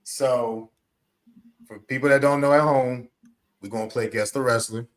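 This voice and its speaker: A man co-hosting a casual wrestling podcast, upbeat and relaxed, drawing words out when he stresses them. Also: medium pitch, moderate pace. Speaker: podcast co-host. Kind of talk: casual chat.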